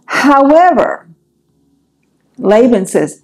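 A woman's voice: mid-range voice, a little slow, faint music behind. Woman retelling a Bible story with verve. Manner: lively storytelling, acting out quotes. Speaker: Bible teacher.

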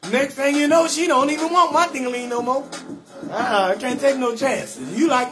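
A man hosting a live comedy call-in show, telling stories loudly and animatedly, acting out both sides of conversations and cutting in with blunt refusals. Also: extremely high pitch, lively intonation, moderate pace, music in the background. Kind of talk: loud storytelling comedy rant.

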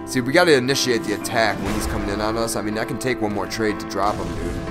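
A man giving live commentary over his own gameplay, excitable and profane, breaking from low muttering into loud yelps. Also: quick pace, few pauses, music in the background.

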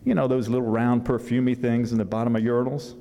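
A wry, easygoing grandfather who works as a large animal vet, as a man reads him aloud. His voice is mellow and relaxed, a touch lifted. It carries a long reverb from a large hall. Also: mid-range voice, quick pace, lightly acted.

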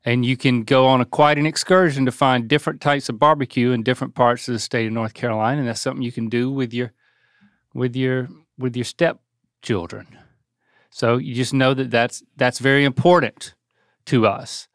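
A man's voice: medium pitch, steady tone, normal speed, clean tone, no room sound, clean studio sound. A middle-aged man with a light Southern accent, co-hosting a podcast in wry, joking casual chat. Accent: Southern US, softened. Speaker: podcast co-host.

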